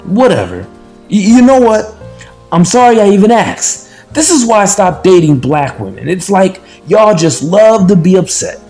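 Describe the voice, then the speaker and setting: A smug, boastful stockbroker. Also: male voice, mid-range voice, expressive, unhurried, warm tone, soft background music. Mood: defensive. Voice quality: boastful, dismissive. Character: smug narcissistic male stockbroker on a date.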